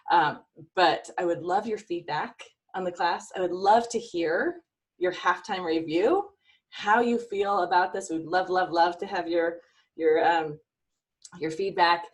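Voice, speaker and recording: A middle-aged woman life coach speaks over a video call in an earnest, emotional pep talk full of faith. Her voice sits fairly low and sounds set back from the mic. It feels like a heartfelt talk to a team. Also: distant mic.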